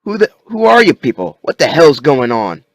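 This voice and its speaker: A man voicing a frightened grown man who wakes into disaster, yelping and shouting in panic. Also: mid-range voice, huge pitch swings, normal speed, no room sound, voice pushed up. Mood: confused.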